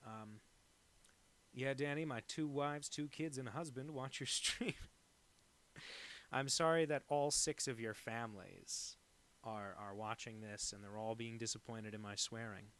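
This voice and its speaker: A man's voice: mid-range voice, unhurried, fairly bright tone, clean tone. Man chatting casually, swearing freely. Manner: rambling, joking, freely swearing. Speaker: cartoonist streaming live drawing. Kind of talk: casual chat.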